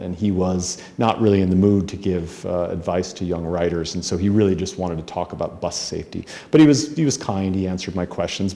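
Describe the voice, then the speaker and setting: Middle-aged male author, low mellow voice, conversational storyteller at a podium. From Spokane, Washington, USA. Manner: self-deprecating, conversational, frequent ums and restarts. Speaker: author giving a talk. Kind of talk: anecdotal storytelling speech. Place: hotel conference room.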